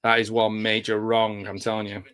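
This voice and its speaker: A man's voice: lowish voice, monotone, normal speed, a bit bright, clear, resonant tone, no room sound. A man giving a casual, joking live commentary over a film, chatty and wry with plenty of fillers. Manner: chatty and wry, with dry jokes and frequent fillers.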